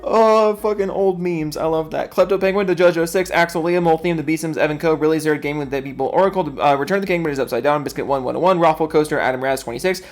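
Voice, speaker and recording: A man's voice: a little high, fast talker, hardly any pauses. A man hosting his own gaming channel, ranting casually with exasperated swearing and rattling off long lists of names. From Seattle area, United States. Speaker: gaming YouTuber.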